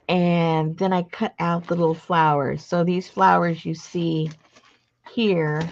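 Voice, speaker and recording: A woman's voice: fairly low pitch, gravelly, muffled recording. A woman hosting a casual crafting livestream, chatting in a rambling, self-interrupting way. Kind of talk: casual chat while crafting.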